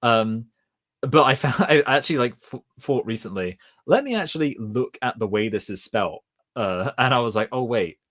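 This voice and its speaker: A man's voice: medium pitch, expressive, normal speed, fairly bright tone. A man with a Southeast English accent, chatting casually and rambling as he streams his reaction to a debate video. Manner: chatty, rambling, laughs often. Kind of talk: casual live-stream commentary.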